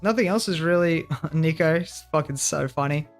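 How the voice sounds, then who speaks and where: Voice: medium pitch, normal speed, soft background music. A livestreamer talking casually to their chat, loose and jokey with plenty of laughter and swearing. The voice sits in a mid range, and they often trail off while muttering through small tasks. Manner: talks to self while working, trailing off mid-sentence.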